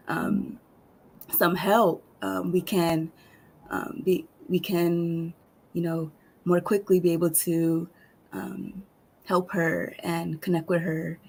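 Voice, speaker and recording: Slow soft-spoken woman, low and flat. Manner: soft-spoken, hesitant with many fillers. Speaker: guest speaker. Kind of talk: slow reflective talk.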